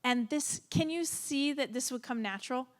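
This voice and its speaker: Middle-aged woman, former therapist, animated group talk, laughs a lot, slightly high voice. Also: moderate pace. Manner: animated, acts out reactions, laughs often.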